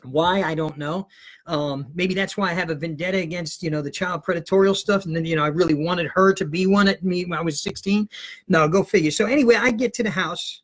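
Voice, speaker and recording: A man's voice: high-pitched, a little fast. A man in his fifties, a podcast guest telling a rambling comic story and acting out the voices of the people in it. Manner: animated, rambling storyteller who acts out voices.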